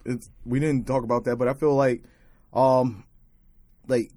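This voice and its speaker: A man co-hosting a casual sports chat, animated and profane, joking with friends. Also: medium pitch, a little slow.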